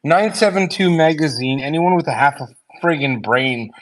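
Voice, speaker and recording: Furious guy ranting in a voice chat debate, a bit high pitched, calling people out. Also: expressive, normal speed, a little hiss or hum. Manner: angry, insulting, ranting. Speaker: debate participant. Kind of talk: heated live audio debate.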